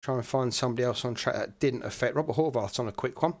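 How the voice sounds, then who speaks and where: A man's voice: medium pitch, fast. Male sim racing commentator, conversational live play-by-play, mid-range voice. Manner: chatty, relaxed, many fillers.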